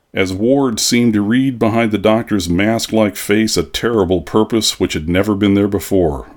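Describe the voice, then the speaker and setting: A man narrating a horror story for an audiobook in a measured, deliberate delivery. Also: lowish voice.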